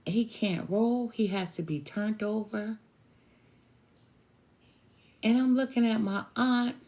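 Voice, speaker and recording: Woman, tarot reader, storytelling to viewers, unhurried, gravelly, mellow tone. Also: fairly high pitch. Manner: slow, drawn-out conversational telling with sighs.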